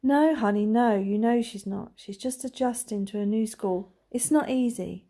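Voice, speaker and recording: A woman voicing a tender, tired mother who talks in a soft, hushed way to soothe her son at night. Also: on the high side, normal speed.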